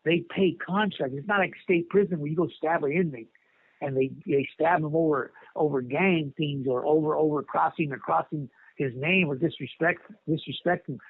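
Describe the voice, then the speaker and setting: Husky man on a tinny prison phone. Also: on the high side, normal speed, no room sound. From California. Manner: rambling, street slang, many repeated words. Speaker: inmate telling his story. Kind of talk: casual storytelling on a prison phone call.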